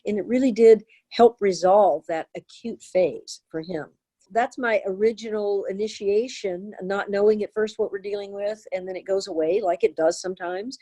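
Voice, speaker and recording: Older female therapist, interview guest, earnest storyteller, mid-pitched. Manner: earnest, animated storytelling with acted quotes. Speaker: therapist and author.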